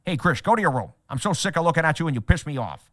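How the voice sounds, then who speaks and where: A man voicing a dopey, loudmouthed middle-aged cartoon dad, rambling and blustering in a goofy way. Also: on the high side, sing-song, fast, dry recording, studio quality.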